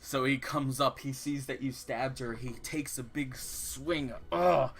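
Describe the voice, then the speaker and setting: A young man narrating as dungeon master, describing the fight in lively detail and calling for rolls. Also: mid-range voice, measured pace, heavy background noise. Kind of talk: narrating a tabletop game.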